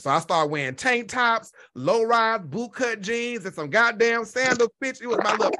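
A young man chatting casually and telling a profane, animated story, full of exclamations. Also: very high-pitched, normal speed, hardly any pauses, a little hiss or hum. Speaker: podcast host.

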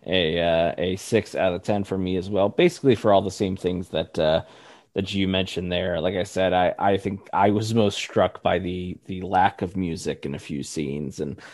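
A man with a fairly low voice co-hosts a review podcast in easy, chatty talk. He laughs often and leans on fillers, and the sound is close and dry. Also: normal speed, a little mellow, dry recording. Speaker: podcast co-host. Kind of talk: casual review chat.

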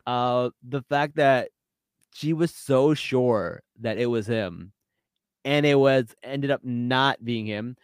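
A man's voice: mid-range voice, clear, resonant tone, dry recording, studio quality. A man co-hosting a podcast, retelling a dating show finale in casual chat, laughing a lot and acting out the quotes. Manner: animated storytelling, laughs often, quick reenacted quotes. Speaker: podcast co-host.

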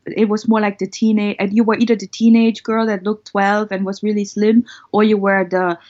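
A woman talking in an interview who hesitates often and fills the gaps with small filler words. Her pitch sits around the middle for a woman, and the recording is a little dull. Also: little pitch movement, moderate pace, a little mellow. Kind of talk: casual interview talk.

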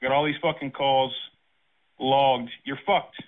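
A man's voice: mid-range voice, fairly even intonation, measured pace. Furious threatening man on the phone. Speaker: prank call target. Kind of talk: angry phone call. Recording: phone line.

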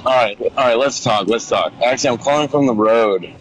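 A man's voice: medium pitch, a little fast, a crowd in the background, poor audio. A man calling in from the road, talking in a laid-back, enthusiastic, rambling way. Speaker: caller, touring musician. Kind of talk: phone call-in chat. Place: on the road in a vehicle.

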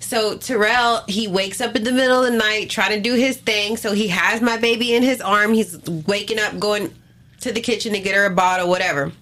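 A woman's voice: mid-range voice, fairly even intonation, brisk, fairly bright tone. A woman, a podcast guest and mother, chatting candidly and profanely, acting out quotes as she retells stories. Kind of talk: casual chat.

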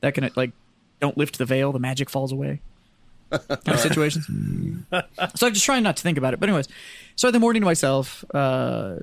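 A man's voice: mid-range voice, quick pace, vocal fry, dry recording. A man in his thirties co-hosting a podcast, telling stories in casual, profane chat with frequent laughter. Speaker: podcast co-host.

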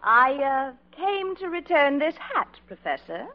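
A woman's voice: high-pitched, big pitch swings, unhurried, highs cut off, heavily acted. An actress playing a fussy, prying woman friend in a sitcom. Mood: prim. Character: nosy, suspicious woman friend. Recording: old TV soundtrack with studio audience.

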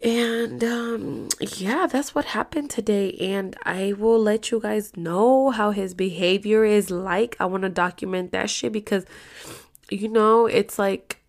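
Gravelly-voiced woman vlogger, swearing freely. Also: medium pitch, measured pace. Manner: profane, rambling, talks straight to viewers. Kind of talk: casual chatty storytelling to the camera.

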